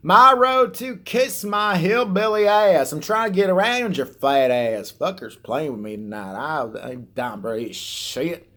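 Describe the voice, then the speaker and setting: A man's voice: on the high side, lively intonation, unhurried, bright, forceful tone, voice pushed up. A man doing a drawling hillbilly trucker. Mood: road rage. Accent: Southern US hillbilly, put on. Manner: drawling, profane, griping. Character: brash hillbilly-talking trucker man, foul-mouthed and tireless.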